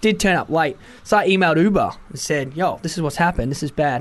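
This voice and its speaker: High-voiced, animated man. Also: quick pace. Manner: animated storyteller, voice leaps up when indignant. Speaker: radio co-host. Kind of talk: casual radio chat. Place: radio studio.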